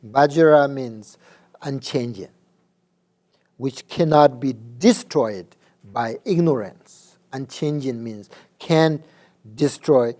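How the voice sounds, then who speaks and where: Male dharma teacher; slow, halting delivery, frequent check-ins. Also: medium pitch, darkish tone. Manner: halting, many fillers, checks understanding. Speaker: Buddhist teacher.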